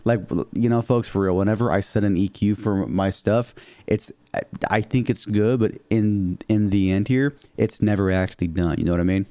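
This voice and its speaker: A man talking casually through his microphone settings, full of fillers and little check-ins, with a low, slightly muddy voice. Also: normal speed, warm tone, dry recording. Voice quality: lower register, somewhat muddy midtones. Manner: chatty, filler-heavy, keeps saying "okay?" and "here". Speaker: streamer explaining audio settings. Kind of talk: casual tutorial. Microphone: dynamic studio mic, close.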